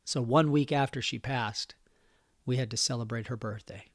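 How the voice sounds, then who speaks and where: A man's voice: medium pitch, no room sound. Somber man in his forties, dry sound. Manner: somber, halting, emotional. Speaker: podcast host. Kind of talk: personal storytelling monologue.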